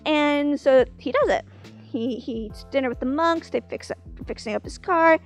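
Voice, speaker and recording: High-voiced woman rambling through a joke. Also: moderate pace, faint music behind. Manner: rambling, full of fillers and restarts. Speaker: vlogger. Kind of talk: casual joke telling.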